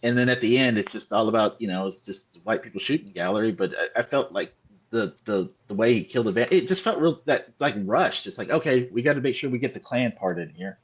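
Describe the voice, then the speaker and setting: A man on a streamed panel, talking casually in a halting way and often repeating words. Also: fairly low pitch, expressive, slightly rough.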